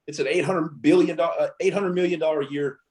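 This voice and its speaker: Ex-SEAL guest, male, slightly high voice, animated, acts out quoted lines. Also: a little fast. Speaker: interview guest, former Navy SEAL. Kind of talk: casual storytelling interview.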